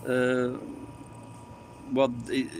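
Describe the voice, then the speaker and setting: A man's voice: medium pitch, monotone, very slow, slight background noise. Sweary Yorkshire man rambling casually. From Sheffield, England. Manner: rambling and sweary, laughs often. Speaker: vlogger chatting with live viewers. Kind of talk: casual chat. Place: outdoors on a street.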